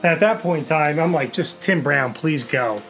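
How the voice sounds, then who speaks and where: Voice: mid-range voice, normal speed, fairly bright tone, faint music behind. Casual co-host recounting a day out. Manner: conversational, recounting events at length. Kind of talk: casual chat.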